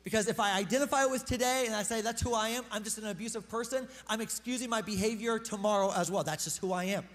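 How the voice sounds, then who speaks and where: High-voiced man preaching in a reverberant hall. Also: quick pace, hardly any pauses, fairly bright tone. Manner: conversational, emphatic preaching. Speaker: pastor. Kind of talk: sermon. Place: church hall.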